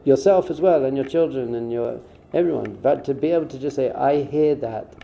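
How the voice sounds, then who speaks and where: A rabbi delivering a relaxed spiritual talk in a deep, mellow male voice. He speaks informally and slips into little acted-out exchanges. The recording sounds somewhat dull and muffled. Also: a little fast, vocal fry, slight background noise. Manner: informal, acts out short quoted exchanges. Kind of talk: conversational spiritual teaching.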